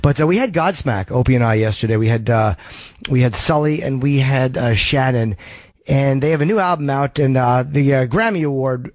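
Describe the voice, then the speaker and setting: In a studio, a man with a mid-range, slightly mellow voice speaks at a moderate pace on a dry recording. He hosts a casual call-in radio show, chatting loosely with callers and reading ad copy between calls.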